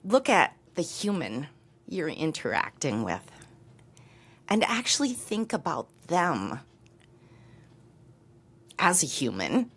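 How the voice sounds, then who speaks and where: Low-voiced woman vlogger, lively delivery. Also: slow pace, long pauses, husky. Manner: earnest, reflective, with soft laughs. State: briefly tearful. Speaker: lifestyle vlogger. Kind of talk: heartfelt talk to camera.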